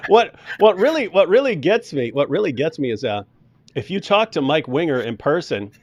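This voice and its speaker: A man's voice: fairly high pitch, big pitch swings, measured pace, pauses often, no room sound. A man hosting a casual livestream, reading chat comments and mocking his subject between laughs. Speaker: host.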